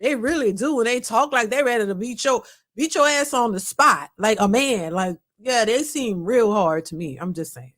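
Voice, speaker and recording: Opinionated woman host, lively pitch. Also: moderate pace. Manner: blunt, opinionated, repeats herself. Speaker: reaction channel host. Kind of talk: casual commentary on a clip.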